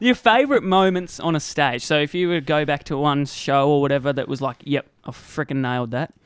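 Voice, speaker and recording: A man's voice: fairly high pitch, smooth, no room sound. An Australian man hosting a casual podcast interview, chatty and asking questions. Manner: chatty, quick to laugh along. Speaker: podcast host.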